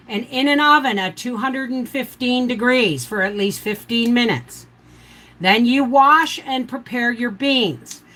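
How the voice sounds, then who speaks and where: An older woman hosts a casual homestead livestream, rambling and chatting as she walks viewers step by step through canning. Her voice sits on the high side, bright and forceful, and the audio quality is poor.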